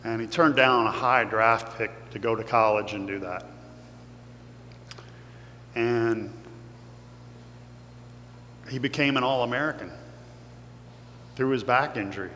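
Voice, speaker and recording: A man's voice: mid-range voice, slow, long pauses, pushed and bright. Man, Kentucky accent, earnest storyteller, emotional, echoey big room, faint hum. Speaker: guest speaker. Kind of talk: motivational talk. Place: large hall with audience.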